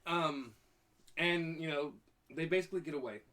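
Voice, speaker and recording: A man co-hosting a podcast, retelling a TV episode in casual chat, with a steady pace and frequent "um" pauses. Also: fairly high pitch. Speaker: podcast co-host.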